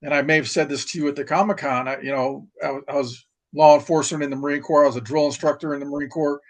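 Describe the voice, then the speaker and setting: A middle-aged retired Marine from New York, telling stories in casual chat with plenty of fillers and restarts. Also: male voice, fairly high pitch, steady tone, rapid-fire. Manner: rambling, many restarts and fillers. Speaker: podcast guest, retired Marine. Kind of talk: casual storytelling.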